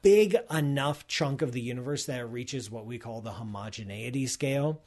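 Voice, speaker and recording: A man's voice: mid-range voice, moderate pace, a little mellow. A man hosting a live stream in casual chat, talking enthusiastically with lots of restarts and asides. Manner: rambling, enthusiastic, self-interrupting with likes and restarts. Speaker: livestream host. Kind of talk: casual chat with sponsor read and cheese tasting.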